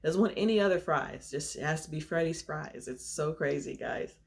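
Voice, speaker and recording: A young woman chatting straight to her camera in a relaxed, confiding way. She laughs easily and takes extra breaths between phrases, a little winded as she talks. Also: sits low, normal speed. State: short of breath. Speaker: vlogger. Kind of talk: casual chat to camera.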